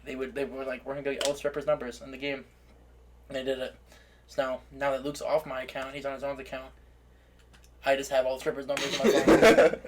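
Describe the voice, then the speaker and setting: A man's voice: medium pitch, little pitch movement, background noise. Laughing young man telling stories. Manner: laughing storyteller, quick asides. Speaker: podcast co-host. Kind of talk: casual chat.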